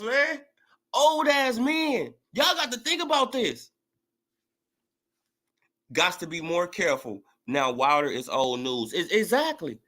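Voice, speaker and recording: A woman's voice: lowish voice, slow pace, long pauses. A woman ranting heatedly in a sports commentary vlog, swearing freely and calling people out. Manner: profane, heated, animated.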